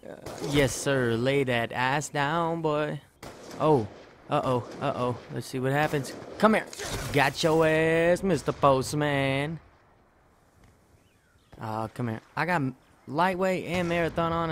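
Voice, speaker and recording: Excitable cursing man narrating his game. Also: a little high, moderate pace, a little hiss or hum. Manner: excitable, cursing, talking to himself while playing. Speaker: gamer making a trolling video. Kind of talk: gameplay commentary.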